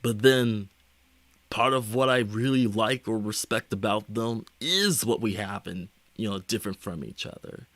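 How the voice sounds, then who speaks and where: A young man streaming, talking casually in a rambling, halting way full of fillers and restarts. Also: lowish voice, a bit bright, dry recording. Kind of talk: casual livestream chat.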